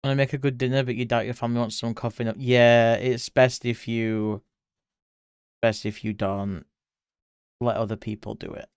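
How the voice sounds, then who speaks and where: A British man who streams art chats casually with viewers while drawing, reading the chat aloud and answering people by name. His mid-range, clear and resonant voice keeps little pitch movement at a normal speed, in studio-quality audio with no echo.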